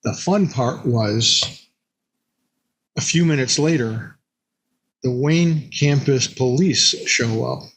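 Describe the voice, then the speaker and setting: A man telling an old tabletop game story in a casual, animated way, jumping into quick bits of the players' and the monster's voices. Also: mid-range voice, a little hiss or hum.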